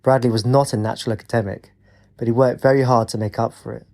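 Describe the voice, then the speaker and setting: A man reading a fantasy audiobook as narrator, in a measured, even reading. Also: mid-range voice, creaky. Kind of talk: scripted narration.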